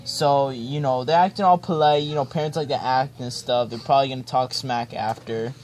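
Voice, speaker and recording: A man's voice: mid-range voice, steady tone, fairly quick, darkish tone, soft background music. Laid-back slangy young man joking through a storybook. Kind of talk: comedic ad-libbed storybook reading. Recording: friends chatting and laughing nearby.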